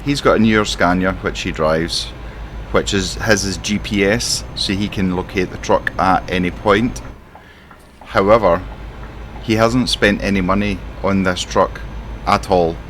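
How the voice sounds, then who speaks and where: A man's voice: low-pitched, fairly even intonation, measured pace, a bit bright, a little hiss or hum. A man with a Scottish accent giving rambling, exasperated in-character commentary while playing a trucking game. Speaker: simulation gamer playing a truck driver.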